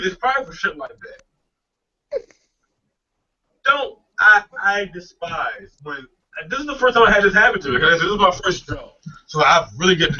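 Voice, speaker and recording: A man co-hosting a talk show, delivering a profane comic rant full of swearing and quick mimicry of others. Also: high-pitched, pushed and bright. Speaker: podcast co-host. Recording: dull lo-fi audio.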